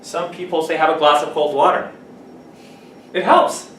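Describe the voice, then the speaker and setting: Distant teacher explaining words in an echoey classroom. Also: male voice, a little high, fairly even intonation, normal speed, noisy background. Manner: explains words with examples, asks students questions. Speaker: English teacher. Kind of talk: classroom vocabulary lesson. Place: classroom with students.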